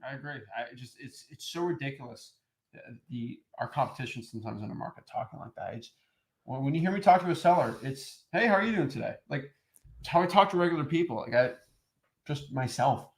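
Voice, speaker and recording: A man's voice: mid-range voice, brisk. A man co-hosting a real estate training, talking in a loose, casual way with lots of fillers and restarts. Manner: loose and chatty, heavy on "like" and restarts, mimics stiff salesy voices. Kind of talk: casual coaching chat.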